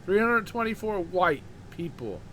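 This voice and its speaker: A man's voice: sits high, very animated, measured pace, a bit bright, slight background noise. A man hosting his own show, delivering a heated, profane ranting monologue and repeating words when worked up. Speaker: show host.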